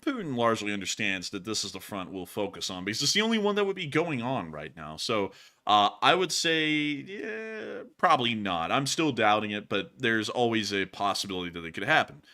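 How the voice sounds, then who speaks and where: Excitable man hosting a live stream. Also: lowish voice, brisk. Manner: excitable, laughs often. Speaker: host. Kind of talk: casual livestream chat.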